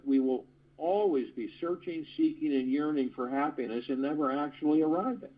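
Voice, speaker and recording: A man hosting a spiritual conference call, reading a prepared talk in an earnest way and breaking off now and then for a playful aside. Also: on the high side. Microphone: phone conference call. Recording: dull lo-fi phone call line.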